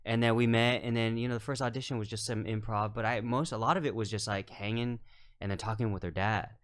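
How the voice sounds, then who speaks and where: A man talking in a casual podcast, a film director explaining his work in a relaxed, thoughtful way with many fillers. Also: fairly low pitch, fast. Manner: relaxed, thoughtful, lots of "you know" and "like".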